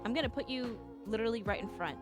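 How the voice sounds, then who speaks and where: A woman on a live stream chats casually with her viewers, playful and teasing and quick to giggle. Her voice sits fairly high, and clear game music plays behind her. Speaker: vtuber streamer.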